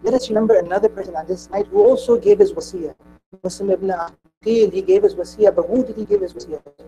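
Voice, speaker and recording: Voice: medium pitch, very animated, fast talker, vocal fry, warm tone, faint music behind, poor audio. A speaker at a mourning gathering, telling a sacred story in an impassioned, grieving sermon.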